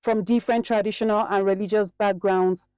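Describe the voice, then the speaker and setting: A woman voicing a scripted news report in an even, measured way. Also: medium pitch, smooth, no room sound. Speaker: news correspondent. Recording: dry, slightly dull voice-over.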